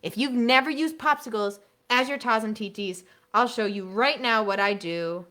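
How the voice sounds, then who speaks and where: A woman leads an online workshop for elementary music teachers, chatty and full of energy, occasionally breaking into short songs as demonstrations. Her voice sits on the high side and she talks at a normal speed.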